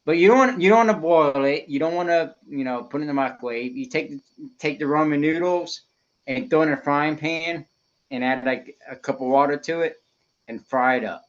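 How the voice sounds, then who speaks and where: A man's voice: fairly high pitch, brisk. A man chatting as a guest on a casual podcast, emphatic and repeating himself as he explains. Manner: repeats phrases, emphatic, restarts often. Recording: dull lo-fi sound.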